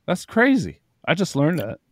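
A man's voice: on the high side, huge pitch swings, normal speed, dry recording, studio quality. A man hosting a podcast, joking around in casual, profane banter and laughing often. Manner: laughing, joking, swears freely. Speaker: podcast host.

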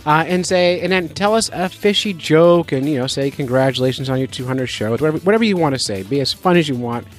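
A man's voice: a little high, animated, fast talker, hardly any pauses, soft background music. A man hosting a fishing podcast, talking in a goofy, self-mocking, chatty way. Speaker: podcast host. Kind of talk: casual podcast intro.

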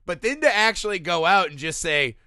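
A man's voice: sits high, sing-song, brisk, sharp tone, no room sound. A man co-hosting a casual film podcast, ranting animatedly, swearing often and laughing as he talks. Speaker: podcast co-host. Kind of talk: casual profane film discussion.

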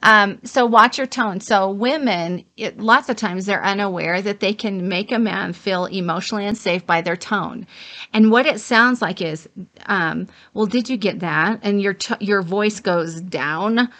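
A woman's voice: mid-range voice, a little slow, a bit bright. Married woman giving relationship advice. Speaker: co-host. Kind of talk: casual relationship advice chat.

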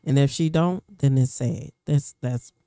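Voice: mid-range voice, measured pace, warm tone, no echo, studio quality. A podcast co-host chatting casually, agreeing often with "mm-hmm". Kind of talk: casual chat.

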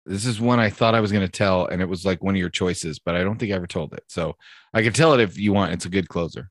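A man's voice: sits low, fast talker, no room sound, clean studio sound. A man hosting a show, telling a long joke in a loose, rambling way. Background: guitar music.

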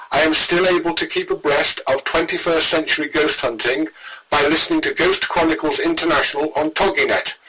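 A man reads a scripted promo in a courtly, old-fashioned way. His voice is bright and edged, with a husky grain running under it, pitched a little high for a man. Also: rough recording. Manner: old-fashioned, genteel phrasing. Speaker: show promo announcer.

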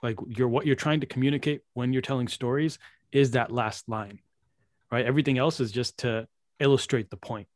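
A man's voice: mid-range voice, fairly even intonation, fairly quick, no echo, clean studio sound. A man hosting a podcast, reflecting and explaining in a casual chat, then handing over the turn. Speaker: podcast host.

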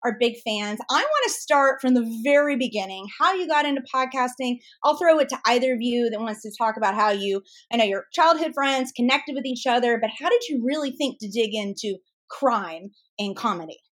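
A woman hosts a casual podcast interview, gushing and chatty. Her voice sits a little high, and she talks like an excited fan. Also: fairly quick, hardly any pauses. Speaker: podcast host.

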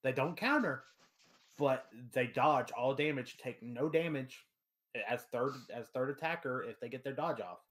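A man's voice: mid-range voice, a little slow, fairly bright tone. A man co-hosting a casual podcast, reading out game stats with enthusiasm and playful asides, on a computer mic over a remote call. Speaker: podcast co-host.

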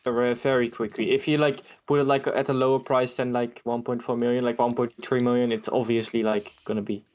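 A man's voice: medium pitch, flat delivery, brisk, darkish tone. Young man teasing in podcast banter. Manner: teasing, hesitant with many fillers. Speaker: podcast co-host. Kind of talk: casual chat.

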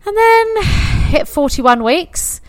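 A woman in her thirties, a podcast guest candidly telling her birth stories in a chatty, expressive way. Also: very high voice, slow pace, dry recording. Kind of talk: casual birth story telling.

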